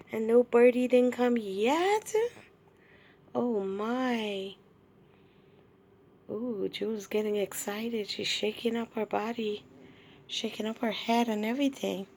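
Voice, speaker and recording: A woman filming her kitten and talking to it in sing-song baby talk, asking it many gentle questions. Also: on the high side. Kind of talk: cooing pet talk.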